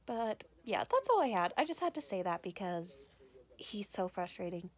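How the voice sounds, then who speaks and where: Woman ranting and gushing about books on her vlog, cusses a lot, says like constantly, medium pitch. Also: normal speed. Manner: excitable and gushing, frequent "like" fillers, swears freely. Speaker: book vlogger. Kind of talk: casual vlog chat.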